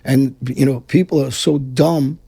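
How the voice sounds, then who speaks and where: A man's voice: mid-range voice, fairly even intonation, a little slow, creaky, warm tone, breathy edge. A man from Brooklyn, speaking bluntly and combatively with frequent profanity as a guest in an interview. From Brooklyn, New York. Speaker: guest, former mafia figure. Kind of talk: casual interview talk.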